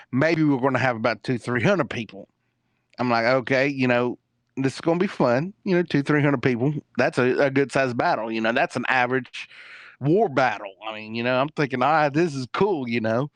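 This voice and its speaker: A man's voice: mid-range voice, moderate pace, no room sound. A man telling a long story in a casual, rambling way, full of fillers and restarts.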